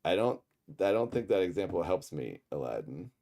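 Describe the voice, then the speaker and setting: With a warm, creaky, low-pitched voice full of big pitch swings, a man hosts a livestream at normal speed. He reacts to a show, rambling, cracking jokes and reading chat aloud.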